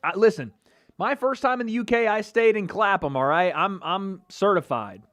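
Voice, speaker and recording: Male streamer, slightly high voice, casual and cocky, ribs the chat, laughs a lot. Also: expressive, normal speed, a bit bright. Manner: joking, trash-talking, laughing often. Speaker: livestream host. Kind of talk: casual livestream chat reading comments.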